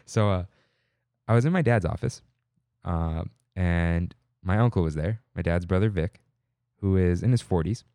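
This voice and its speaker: A young man with a smooth, low voice co-hosts a podcast at normal speed, with no room sound. His casual chat wanders through stories, and he acts out quoted voices with animation.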